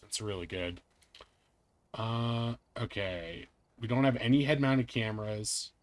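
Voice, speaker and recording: A man's voice: lowish voice, fairly even intonation, unhurried, dry recording. A man hosting a live game stream, chatting and joking with friends and viewers. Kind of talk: casual live-stream chat.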